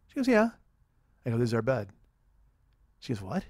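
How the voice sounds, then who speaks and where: A man's voice: mid-range voice, sing-song, normal speed, a little mellow, no room sound, clean studio sound. A man in his forties, a podcast host, telling a rambling, profane, self-deprecating comedic story. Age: 40s.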